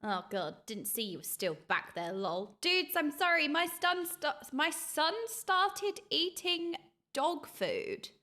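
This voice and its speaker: A woman streams and reacts to clips with her chat, her voice very high, bright and ringing. She talks in excitable bursts and breaks into laughter often. Her pitch swings widely from line to line. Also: takes it slowly.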